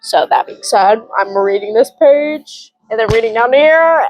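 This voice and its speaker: A woman with a bright, high-pitched voice chats through a casual book vlog. She gushes and giggles as she gives excitable reading updates, with quiet background music running faintly under her talk. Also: normal speed, few pauses, rough recording. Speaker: book vlogger.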